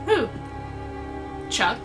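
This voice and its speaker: Woman reacting to a tv episode, gets super emotional, swears a ton, slow talker, show music behind. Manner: emotional, exclaiming, swears a lot. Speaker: reaction video host. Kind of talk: casual reaction commentary. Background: episode audio and music.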